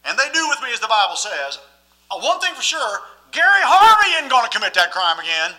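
A man's voice: very high-pitched, very animated, a little fast, pushed and bright, rough recording. A man preaching a sermon as pastor, emphatic and often asking the listeners questions.

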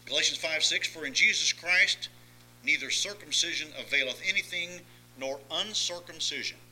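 Bright-voiced preacher man. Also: on the high side, moderate pace, a little hiss or hum, poor audio. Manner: dramatic swings between soft asides and raised emphatic lines; folksy, asks listeners if they follow. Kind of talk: sermon.

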